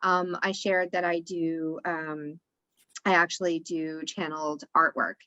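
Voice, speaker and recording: A woman's voice: low voice, level tone, a little slow, bright, forceful tone, no room sound, muffled recording. A woman guest on a podcast giving a spiritual wellness talk, in a coaching tone that keeps checking in with "right?". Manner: repetitive, coaching tone with frequent "right?".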